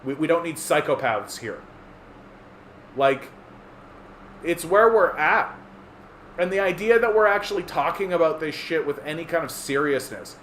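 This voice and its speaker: Ranting livestream host, man, a bit high-pitched, sarcastic, swearing, roomy echo and faint hiss. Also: animated, normal speed, long pauses, fairly bright tone. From Canada. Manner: profane, sarcastic, mocks opponents in squeaky voices. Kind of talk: ranting monologue. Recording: echoey room with faint ambient noise.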